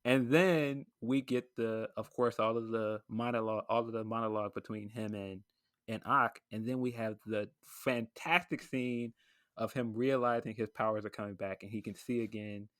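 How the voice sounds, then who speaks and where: A man's voice: on the low side, fairly even intonation, moderate pace, fairly bright tone, no echo. A man hosting a casual podcast, gushing enthusiastically about a film and comparing it to wrestling. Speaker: podcast host.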